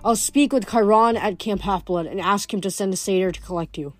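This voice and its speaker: A woman reading aloud, voicing a weary, torn male god who speaks softly and haltingly to his son. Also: medium pitch, no room sound, soft background music, close to an everyday voice. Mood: pleading.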